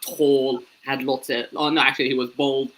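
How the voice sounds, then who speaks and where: A man's voice: medium pitch, normal speed, rough recording. A man in his thirties, a comedian guest, telling stories in a casual interview and acting out the voices of people in them. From Ethiopian, born in Sudan, raised in Australia. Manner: animated, acts out voices in his anecdotes.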